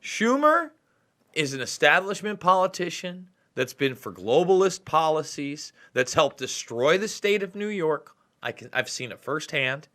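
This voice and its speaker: A man hosting a political commentary show, talking in an excitable, sarcastic way and breaking in on clips. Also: a little high, a little slow.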